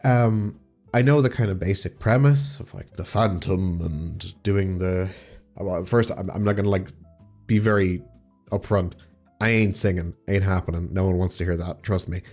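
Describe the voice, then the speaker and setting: Young man, deep mellow voice, slightly stuffy, gushing and rambling in a casual Q&A chat. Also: normal speed, faint music behind. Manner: rambling, excitable, lots of "like". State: slightly congested from allergies. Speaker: audio roleplay creator.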